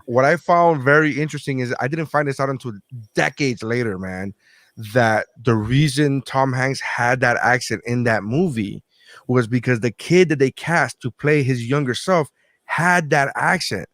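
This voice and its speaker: A man in casual podcast chat, swearing freely as he tells stories with animated energy. His voice sits at a middle pitch. The recording is dry and close, with little room sound. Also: normal speed, no room sound. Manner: loose, profane and animated storytelling. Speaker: podcast co-host.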